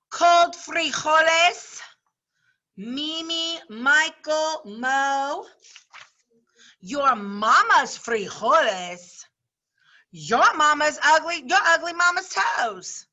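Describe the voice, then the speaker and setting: Woman teacher reading a book to the class, unhurried, bright kinda high voice, does the kids' voices. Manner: reads with lively character voices, then talks it over plainly. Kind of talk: reading a novel aloud to a class, then explaining.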